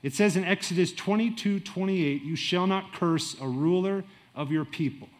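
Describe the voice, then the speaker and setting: A middle-aged man preaching with a fairly high voice. His delivery is lively, rising loud and dropping quiet, and he acts out little asides as he goes. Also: normal speed. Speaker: pastor. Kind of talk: sermon.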